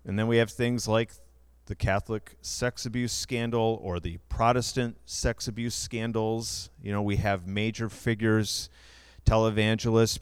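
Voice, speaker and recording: A man's voice: fairly low pitch, clear, resonant tone, no echo. A younger man preaching a sermon, explaining figures in a conversational way with asides. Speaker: pastor.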